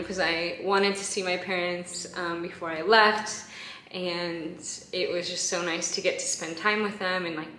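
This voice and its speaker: A young woman with a slightly low voice tells a personal story straight to camera, chatty and emotional, with frequent little laughs and fillers. She sounds like she is in an echoey room, and faint music plays behind her. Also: fairly bright tone. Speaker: vlogger.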